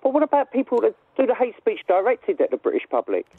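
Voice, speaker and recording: A man calls in to a radio show over a tinny phone line, earnestly airing a grievance. His voice is high for a man and moves up and down a lot. The phone audio is dry and narrow. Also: huge pitch swings, quick pace, husky, no echo. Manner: earnest, repetitive complaining. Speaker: radio caller. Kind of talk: phone-in call.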